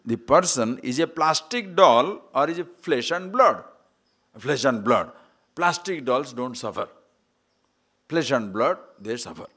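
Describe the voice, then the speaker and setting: A man's voice: mid-range voice, expressive, a little slow, sharp tone, breathy edge. A man giving a spiritual discourse as a swami, asking rhetorical questions and acting out quoted voices. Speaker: swami teaching scripture.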